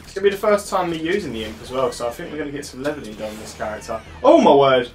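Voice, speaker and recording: A man commentating his own gameplay casually, with excited outbursts and halting moments when he reads on-screen text aloud. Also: mid-range voice, soft background music.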